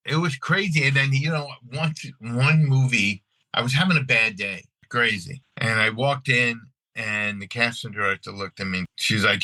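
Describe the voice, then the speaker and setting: A middle-aged man from Long Island with a New York accent, an actor telling stories in a casual interview, animated and repeating his words as he acts out scenes. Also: medium pitch, moderate pace, no echo, low-quality recording. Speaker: actor and guest.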